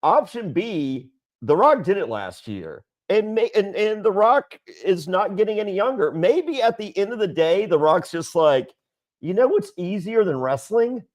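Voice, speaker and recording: A man co-hosting a casual wrestling chat show, telling stories with lots of laughs and putting on squeaky voices for quotes. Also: normal speed. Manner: lively storyteller, laughs often, does high squeaky voices for quotes. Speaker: podcast co-host.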